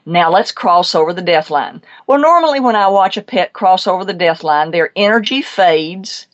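A woman hosting a talk show, telling a pet psychic story in an animated, emphatic, chatty way. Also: lowish voice, moderate pace, muffled recording.

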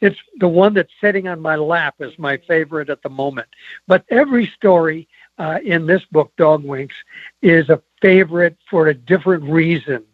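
A man's voice: a little high, normal speed, dry recording, narrow, tinny audio. A man, a co-author, talking about his book in a genial, chatty way during an interview. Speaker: co-author and guest. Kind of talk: casual interview talk.

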